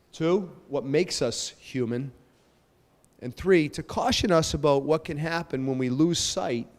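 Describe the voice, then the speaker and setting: A man's voice: medium pitch, a little mellow. A man serving as parish pastor welcomes a gathering and introduces panelists in a chatty, rambling, self-joking way, with many fillers. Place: church or parish hall. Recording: long echoey hall reverb.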